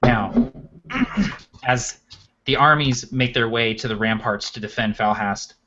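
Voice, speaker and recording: A man's voice: mid-range voice, very animated, dull audio, background noise. Man narrating as game master. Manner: measured, vivid scene-setting. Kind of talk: descriptive narration in a tabletop game.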